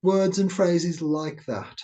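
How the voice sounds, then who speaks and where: Male meditation teacher: warm, mellow tone, unhurried and soothing. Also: high voice. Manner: slow, gentle, soothing delivery. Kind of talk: guided meditation talk.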